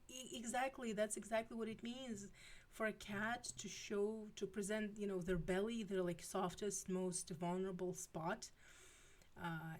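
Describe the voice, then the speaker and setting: A woman's voice: mid-range voice, a little mellow. A woman in her forties chatting casually with her viewers, rambling with many fillers and restarts. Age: 40s. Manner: rambling, lots of filler words and self-interruptions. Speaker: streamer.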